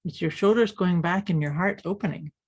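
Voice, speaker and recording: A woman's voice: lowish voice, fairly quick, darkish tone, breathy edge. A woman co-hosting a casual chat podcast as a coach, affirming and agreeing often. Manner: affirming, frequent agreeing interjections.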